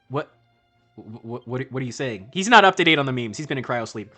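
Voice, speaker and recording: A man's voice: medium pitch, animated, a little fast, pushed and bright, faint music behind. A man giving casual gameplay commentary as a streamer, rambling and profane with self-help musings. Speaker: streamer playing an online role-playing game.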